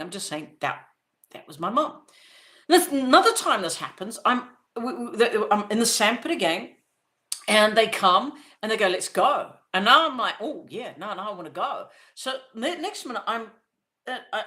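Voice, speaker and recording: A woman hosting a podcast, telling a personal experience earnestly, recalling as she goes with halting restarts and acting out quoted voices. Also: fairly high pitch, bright, forceful tone. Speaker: podcast host. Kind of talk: personal storytelling.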